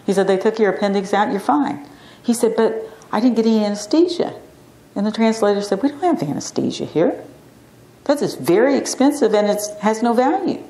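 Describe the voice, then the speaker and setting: A middle-aged woman, an acupuncture physician, giving an informal class lecture and acting out stories with lively quoted voices. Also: medium pitch, fairly quick. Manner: chatty storyteller, acts out quotes animatedly. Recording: echoey classroom.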